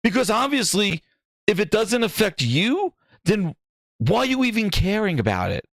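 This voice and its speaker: A man's voice: high voice, sing-song, normal speed, fairly bright tone, no room sound, clean studio sound. A man hosting a gaming channel, ranting in heated, exasperated commentary with swearing and mocking asides.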